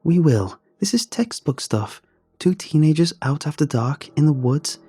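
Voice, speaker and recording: An eager, matter-of-fact teenage girl in a spooky audio story, played by a man raising his voice. She talks a little husky and mellow, pressing her point. Faint music sits underneath. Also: a little high, expressive, measured pace, no echo, clean studio sound, pitched above the performer's own voice, exaggerated voice. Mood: insistent. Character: eager teenage girl, ghost-hunting friend. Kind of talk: horror story reading.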